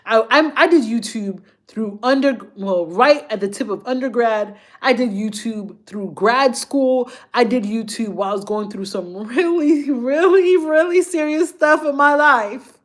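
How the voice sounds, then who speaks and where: A woman's voice: on the high side, animated, measured pace, few pauses. A woman, a fashion YouTuber chatting casually and emotionally with her viewers on a live stream. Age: 30s.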